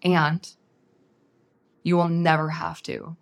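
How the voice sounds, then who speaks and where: A woman, a guest on an interview show, telling a personal story in a soft, unhurried, earnest way. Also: deep voice, monotone, gravelly.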